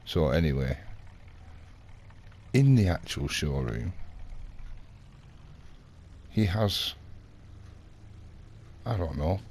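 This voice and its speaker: A man's voice: rumbling low, sing-song, very slow, pauses often, darkish tone. A man, rambling through an indignant in-character story as a gaming vlogger. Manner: rambling, indignant anecdote telling with acted quotes. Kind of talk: casual in-character gameplay storytelling.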